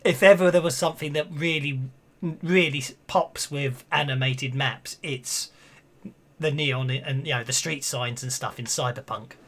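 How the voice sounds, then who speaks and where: A man running a tabletop game as game master, chatty and halting, often breaking into laughter. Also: mid-range voice, a bit bright.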